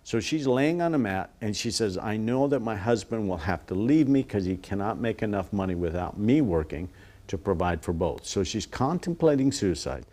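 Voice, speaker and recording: A man's voice: on the low side, animated, moderate pace. Earnest man telling a story. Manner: earnest, acts out quoted voices softly. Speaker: guest, ministry worker. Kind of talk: storytelling in a TV interview.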